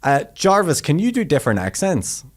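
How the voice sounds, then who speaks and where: A man's voice: a little high, wildly swooping pitch, moderate pace. A man hosting a podcast in casual chat, laughing easily and swearing casually. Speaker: podcast host.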